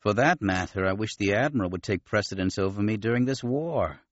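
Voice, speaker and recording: A man voicing a polite, modest male alien commander with a nasal, gentle manner. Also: on the low side, fairly quick, no echo, dull audio, natural voice. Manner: gentle, courteous.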